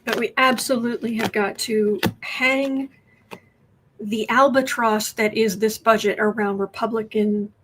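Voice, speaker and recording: A woman hosts a casual tarot livestream from home, talking into a webcam. Her voice sits a little high, and she thinks aloud with frequent restarts. A faint hiss runs under her voice. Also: steady tone, measured pace, fairly bright tone. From United States. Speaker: tarot reader and livestream host. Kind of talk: casual livestream chat, reading viewer questions.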